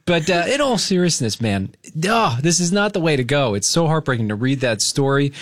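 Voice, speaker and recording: A man's voice: a little high, a little fast, dry recording, clean studio sound. A man hosting a radio morning show, chatting casually and laughing with his co-hosts. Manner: animated, laughs often, coaching tone.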